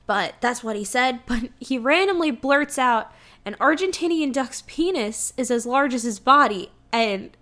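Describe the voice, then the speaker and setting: A woman in casual chat about a film, retelling scenes with quoted lines and frequent swearing. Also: on the high side. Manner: animated, swears, acts out movie lines.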